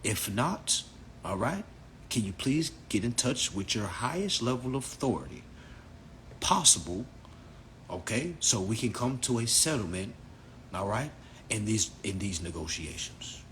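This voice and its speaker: A prim London gentleman, as a man puts him on, speaks with exaggerated courtesy and calm legal formality. The tone stays bright and crisp, pitched a little lower than a natural speaking voice. A faint room ambience sits underneath. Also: unhurried, a little hiss or hum. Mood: prim, polite. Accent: London British, put on. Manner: mock-formal, calm, lawyerly. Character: prim, overly polite British gentleman, adult man.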